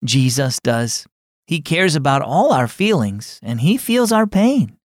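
A man voicing a caring mother who gently comforts her daughter in a storybook reading, speaking in a soft, earnest, reassuring way. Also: a little high, very animated, a little slow, no room sound, studio quality. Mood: tender.

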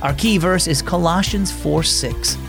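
A man's voice: on the high side, measured pace, vocal fry, a bit bright, faint music behind. A man hosting a children's devotional program, reading scripted narration and asking the listener friendly questions.

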